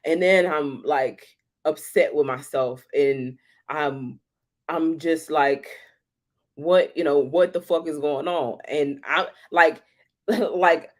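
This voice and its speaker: A woman chatting casually about astrology, animated and profane, laughing often. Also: deep voice, slow. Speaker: astrology talk host.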